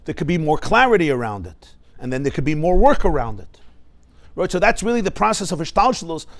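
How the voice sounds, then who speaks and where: Male rabbi teaching a class, slightly high-pitched, explanatory tone. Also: brisk. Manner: explanatory, lively teaching with Hebrew terms and questions to listeners. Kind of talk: Torah lecture.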